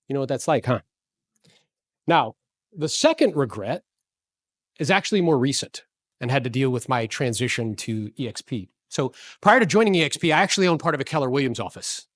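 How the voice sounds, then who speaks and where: A man's voice: mid-range voice, no echo. Upbeat man in his forties, storytelling speaker who quizzes the crowd, dry close mic. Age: 40s. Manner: energetic, storytelling, asks the audience questions. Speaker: real estate speaker. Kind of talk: motivational talk to a live audience.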